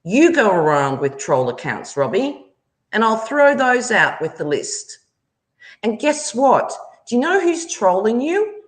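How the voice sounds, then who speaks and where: A woman hosts a livestream and delivers a furious, confrontational rant full of swearing. She speaks slowly and deliberately, and her pitch swings widely as her anger builds. The room around her sounds echoey. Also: sing-song. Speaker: livestream host.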